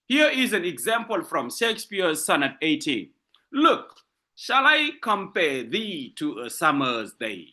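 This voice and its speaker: A man's voice: high voice, sharp tone. A man lecturing on poetry in a live online class, with a French-speaking West African accent, asking rhetorical questions and repeating points patiently. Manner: switches between French and English. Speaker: literature lecturer.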